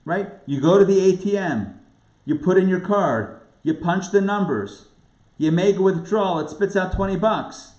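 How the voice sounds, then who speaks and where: A man, a rabbi, giving a lively lecture, asking rhetorical questions and acting out quoted voices. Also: sits high, normal speed. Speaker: rabbi teaching a class. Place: recorded live class. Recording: roomy, dull lo-fi sound.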